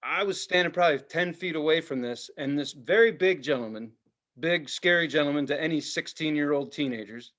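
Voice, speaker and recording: High-voiced man telling a heated, profane story. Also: brisk, a bit bright, lo-fi sound. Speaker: podcast co-host. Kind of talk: casual storytelling chat.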